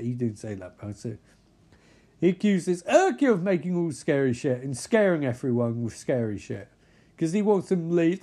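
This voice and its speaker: A man narrating a comedic recap of a TV episode with deadpan, mocking, profane asides. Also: fairly high pitch, normal speed.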